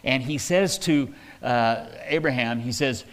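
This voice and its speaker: A man preaching a verse-by-verse sermon at a middle pitch, his folksy, conversational delivery full of plain paraphrase. His voice carries a long reverb, like a church sanctuary. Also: unhurried, fairly bright tone. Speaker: pastor.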